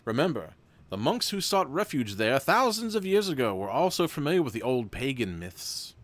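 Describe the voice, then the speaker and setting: Smooth middle-aged male historian, read by a man, plain delivery, no accent, gamebook figure. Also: medium pitch, very animated, normal speed, fairly bright tone, no echo, voice pushed up.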